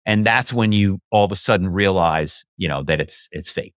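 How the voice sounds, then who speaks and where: A man, a former actor, telling stories as a podcast guest in an animated, chatty way, often saying "you know". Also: low voice, moderate pace, dry recording, studio quality. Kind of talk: casual interview talk.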